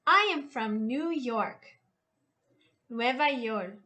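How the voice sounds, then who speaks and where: A woman tutor teaching a language lesson over a headset mic, repeating each word slowly for her learners. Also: on the high side, lively intonation, bright, forceful tone. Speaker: Spanish tutor. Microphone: USB headset.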